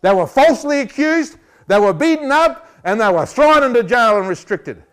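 Lively high-voiced male preacher. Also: moderate pace, clear, resonant tone. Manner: animated, jokey, acts out voices. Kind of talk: lively sermon.

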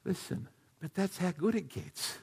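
A man preaching a sermon, telling stories and speaking to listeners by name. He drops to hushed, quiet passages and then rises to loud, shouted climaxes. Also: high-pitched, sing-song, a little slow, vocal fry, breathy edge. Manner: addresses listeners by name, tells anecdotes.

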